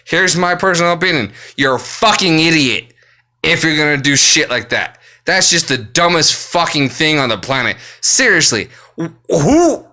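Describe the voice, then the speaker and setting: Angry guy ranting and cussing nonstop, kinda high bright voice, fed up. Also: lively intonation, moderate pace. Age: adult, works full time. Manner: angry, swearing constantly, exasperated. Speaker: vlogger. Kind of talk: profane ranting monologue.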